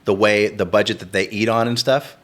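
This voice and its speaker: A man's voice: lowish voice, steady tone, a little fast, a bit bright. Laid-back male podcast guest, agreeable. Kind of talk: casual podcast chat.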